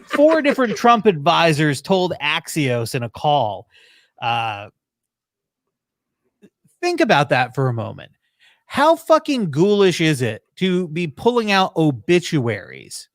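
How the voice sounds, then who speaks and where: A man hosting a podcast in casual chat, animated and wry, swearing freely between asides. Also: a little high, measured pace, no room sound, clean studio sound. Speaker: podcast host.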